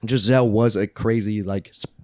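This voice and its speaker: A man co-hosting a podcast, chatting casually about a movie, excitable and swearing often. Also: lowish voice, moderate pace, dry recording. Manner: excitable, swears often, keeps saying "dude". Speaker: podcast co-host. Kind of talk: casual movie review chat.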